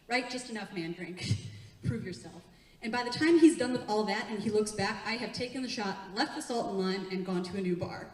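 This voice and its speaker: A young woman doing a live stand-up set, chatty, laughing often and working the crowd from a theatre stage. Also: fairly high pitch. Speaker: stand-up comedian. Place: theatre stage before an audience. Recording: echoey room, heard from a distance.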